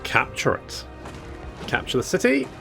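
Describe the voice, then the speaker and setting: A man's voice: mid-range voice, huge pitch swings, unhurried, music in the background. Wry chatty man commentating a game. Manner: chatty, wry, swears casually, trails off and restarts. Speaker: gameplay commentator. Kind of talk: casual let's-play commentary.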